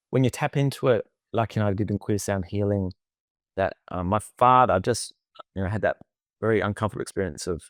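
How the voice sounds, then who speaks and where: A man's voice: on the low side, dry recording, studio quality. A man, co-hosting a podcast as a therapist and telling a personal story in an emotive, chatty way. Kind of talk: casual conversation.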